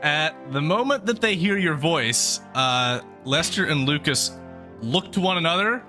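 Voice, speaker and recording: A man narrating as game master of a tabletop fantasy game, relaxed with frequent pauses. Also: on the high side, soft background music. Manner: relaxed, lots of filler pauses.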